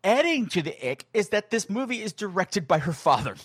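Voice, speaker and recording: High, lively man talking films, dry close sound, animated delivery. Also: husky, no echo. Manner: animated, quick, acts out quotes. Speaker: podcast co-host. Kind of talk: casual film discussion.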